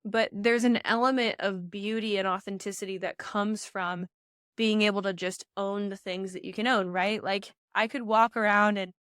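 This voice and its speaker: A young pageant coach gives emphatic podcast advice in a medium-pitched, slightly fast, clean-toned voice, recorded in a studio with no echo. Heavily pregnant and a bit out of breath, she stays energetic and speaks straight to listeners as "you guys."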